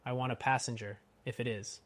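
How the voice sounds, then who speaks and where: A man voicing a hoarse messenger on horseback calling out to a coach. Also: medium pitch, steady tone, a little fast, lightly acted. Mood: insistent.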